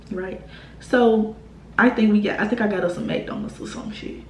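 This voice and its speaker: A woman's voice: medium pitch, moderate pace. A young woman, heatedly telling a storytime on her channel. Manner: animated, heated retelling with profanity and laughs. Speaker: YouTube storyteller. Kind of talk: casual storytime vlog. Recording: echoey room with faint noise.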